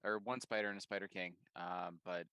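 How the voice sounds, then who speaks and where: A man's voice: low-pitched, steady tone, brisk, pushed and bright, clear, resonant tone, dry recording, muffled recording. A man playing in a tabletop game, talking hesitantly and laughing between moves. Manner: hesitant, laughing, self-correcting. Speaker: player. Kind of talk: casual tabletop play.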